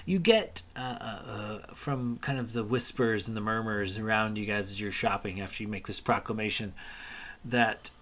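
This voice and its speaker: A man narrating a tabletop game as game master in a relaxed, rambling way with many fillers. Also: on the low side, moderate pace.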